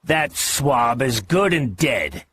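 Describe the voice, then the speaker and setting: A man voicing a wounded, gruff old pirate who growls and drawls his words in an audiobook. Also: medium pitch, very animated, takes it slowly, a bit bright, no echo, pitched above the performer's own voice, exaggerated voice. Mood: gruff scheming. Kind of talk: audiobook character voice.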